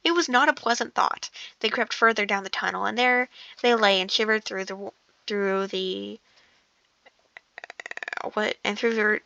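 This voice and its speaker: A woman's voice: mid-range voice, fairly even intonation, moderate pace, creaky, pauses often, pushed and bright, lo-fi sound. A woman casually reading a novel aloud, often stumbling over words, restarting sentences and breaking off for joking asides. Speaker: audiobook reader.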